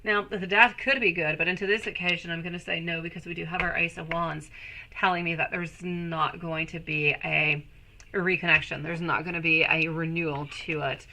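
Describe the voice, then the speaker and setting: A woman in her thirties doing a live tarot reading, soft and soothing, calling viewers sweetie and turning bubbly when she greets the chat. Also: fairly low pitch, steady tone, a little fast, slight background noise, low-quality recording. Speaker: tarot reader.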